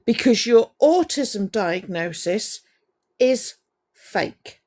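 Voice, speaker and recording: A woman's voice: on the high side, lively intonation, very slow, a little mellow. A woman on a livestream, confrontationally scolding someone while greeting viewers by name between points. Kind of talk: ranting livestream monologue to chat.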